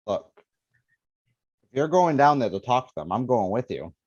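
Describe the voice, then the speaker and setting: A man playing a tabletop game, quiet and hesitant, turning firm when protective. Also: medium pitch, sing-song, moderate pace, no room sound, highs cut off. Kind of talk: casual chat at a game table.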